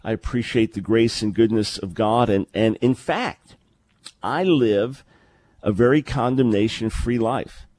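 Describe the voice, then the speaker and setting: A man's voice: medium pitch, a little slow, a little mellow. A man hosting a live call-in radio talk show, speaking earnestly and conversationally, often repeating a word as he starts a sentence. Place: remote location, early morning.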